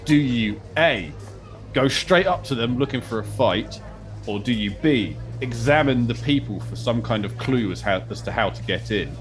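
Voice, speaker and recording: A man's voice: medium pitch, expressive, normal speed. A man hosting a podcast, playfully narrating a choose-your-path game scenario. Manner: playful, chatty storyteller. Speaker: podcast host and game master.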